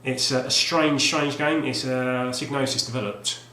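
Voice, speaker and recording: A man's voice: mid-range voice, fairly even intonation, moderate pace, pushed and bright. A man talks casually about a game he bought. He rambles and often restarts his sentences. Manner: rambling, with many fillers and restarts. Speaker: retro game collector vlogger. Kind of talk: casual video talk. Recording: roomy echo, faint background hum.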